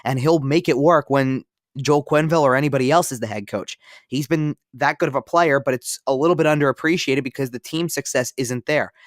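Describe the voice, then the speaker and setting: A man's voice: mid-range voice, fairly quick, no echo, clean studio sound. A man co-hosting a podcast in casual sports talk, rambling and repeating himself with many fillers. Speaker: podcast co-host.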